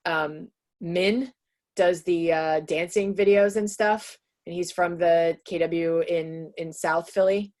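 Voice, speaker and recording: A woman's voice: low-pitched, darkish tone. A woman in her thirties, a sales trainer, giving a casual webinar presentation over a video call and talking in a chatty way with many fillers. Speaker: sales trainer presenting to real estate agents.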